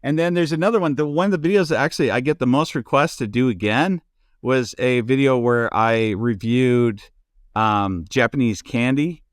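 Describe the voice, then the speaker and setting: A man's voice: mid-range voice, moderate pace, clean tone, no room sound, clean studio sound. A man hosting a podcast in casual chat, rambling with lots of restarts and fillers, from the United States. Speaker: podcast host.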